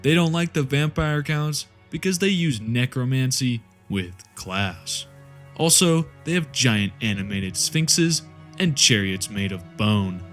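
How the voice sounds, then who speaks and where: A man narrating a lore explainer in a comedic, scripted way, full of sarcastic jokey asides. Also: medium pitch. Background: faint background music.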